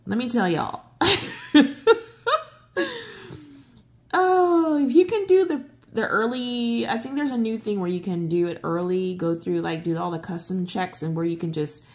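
Woman, casual chat while coloring, rambling, excitable, lower pitch. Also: normal speed. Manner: rambling storytelling with many fillers and restarts; excitable, voice jumps high when giddy. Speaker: coloring channel host.

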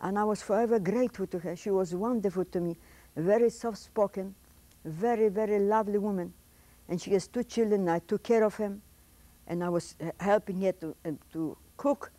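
An older woman with a recounts her past in an interview, in broken but fluent English. Her voice is soft and mellow. It is recorded close and dry, with no room sound. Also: mid-range voice, no room sound. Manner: emotional storytelling, reenacts her own pleas; non-native English grammar. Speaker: interviewee, Holocaust survivor. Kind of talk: oral history testimony. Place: indoors, interview setting.

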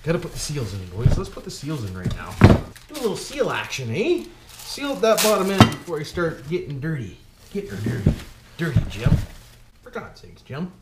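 Guy talking thru an engine rebuild, kinda high voice that swings up and down a lot, jokey, echoey shop. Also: huge pitch swings, moderate pace. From Canada. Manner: folksy and jokey, keeps calling the viewers "boys"; talks to himself while working. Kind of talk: casual workshop commentary. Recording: echoey room with background noise.

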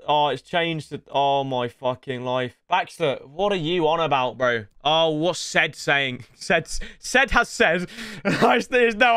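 A young man commentating his own football video game to viewers, sweary and excitable. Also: sits high, dry recording, studio quality. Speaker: gaming streamer. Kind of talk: live gameplay commentary.

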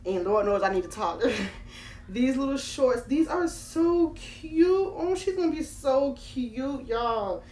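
A teenage girl from Florida excitedly unboxing on her phone, talking straight to her viewers. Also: on the high side, a little slow. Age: late teens. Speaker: doll collector vlogger. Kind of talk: casual unboxing vlog. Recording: echoey room, faint background noise.

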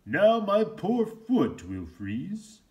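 A man voicing a jolly old Santa in a storybook read-aloud, loud, slow and hearty. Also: high-pitched, huge pitch swings, voice pushed up, exaggerated voice.

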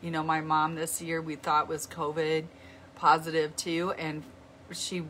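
A middle-aged woman talking to her viewers in an earnest, heartfelt way, often halting and restarting her sentences. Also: deep voice, flat delivery, a bit bright, a little hiss or hum. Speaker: vlogger. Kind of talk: heartfelt casual talk to viewers.

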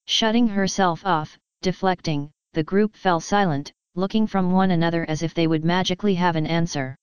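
Woman reading a story, lowish, very clear. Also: fairly even intonation, moderate pace, hardly any pauses, no room sound, dull audio. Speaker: story reader. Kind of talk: scripted narration.

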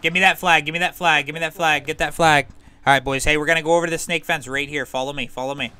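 Bright clear-voiced man barking orders. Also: fairly high pitch, steady tone, fast, no echo. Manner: commanding, rallying, repeats orders. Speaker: streamer leading a squad as in-game officer. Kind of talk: live gameplay voice chat, barking orders.

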